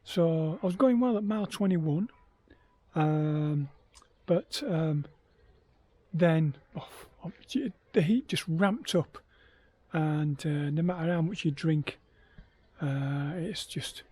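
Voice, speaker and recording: A man's voice: on the high side, slow pace, warm tone, no echo. A man, worn out after heatstroke, vlogging about his ultra run in a rambling, hesitant way with many ums. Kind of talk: casual self-filmed vlog.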